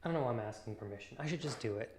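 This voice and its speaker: A man hosting a casual livestream, chatting with viewers and talking softly to his pet between remarks. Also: mid-range voice, animated, very fast. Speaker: livestream host.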